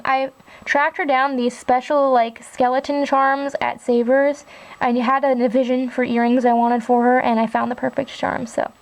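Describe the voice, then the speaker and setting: A young woman with a high, light voice talks through her collection in a relaxed, chatty way. She gushes with "like" and "really, really," the easy show-and-tell tone of a hobby vlog. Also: poor audio. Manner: chatty and enthusiastic, with frequent "like" and "really, really". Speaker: doll collector vlogger. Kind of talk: casual show-and-tell narration.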